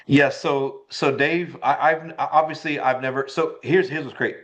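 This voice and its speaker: A man, a podcast guest, telling a long personal story in an animated way, repeating words as he builds it up. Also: on the high side, measured pace. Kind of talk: casual storytelling interview.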